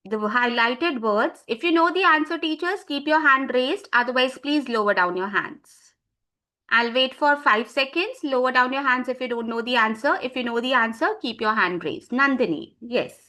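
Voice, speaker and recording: A woman leading a training session for teachers. She quizzes participants by name and gives clear directions. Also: high-pitched, moderate pace, sharp tone.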